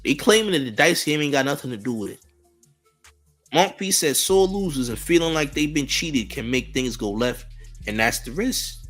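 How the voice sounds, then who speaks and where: A man's voice: a little high, expressive, normal speed, a bit bright, soft background music. A man hosting a news commentary channel, talking in a slangy, mocking way that riffs on and repeats phrases. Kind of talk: casual commentary on celebrity news.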